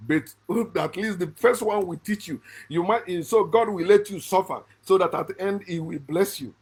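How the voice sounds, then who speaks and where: A middle-aged man from Africa, hosting a channel, delivering an emphatic spoken commentary that swings from loud, high bursts to low muttered asides and often restarts his sentences. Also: moderate pace, hardly any pauses, breathy edge. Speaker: channel host.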